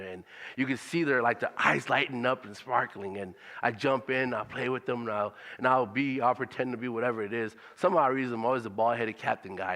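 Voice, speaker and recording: A man's voice: medium pitch, sharp tone, in a large hall. A man speaking at a church service in a conversational, motivational way, repeating his questions for emphasis.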